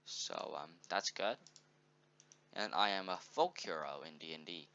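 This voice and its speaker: A man's voice: very deep voice, measured pace, gravelly, pushed and bright. A man casually walking through a tabletop game sheet, thinking aloud and correcting himself as he goes. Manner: meandering, self-correcting, upbeat. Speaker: game tutorial presenter. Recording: dull lo-fi recording.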